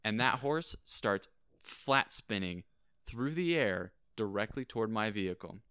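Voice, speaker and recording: Young man, low voice, smooth, podcast storyteller, dramatic pauses. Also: animated, pushed and bright, no echo, studio quality. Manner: dramatic, builds suspense with pauses and slow phrasing. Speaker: podcast co-host. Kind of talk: animated storytelling.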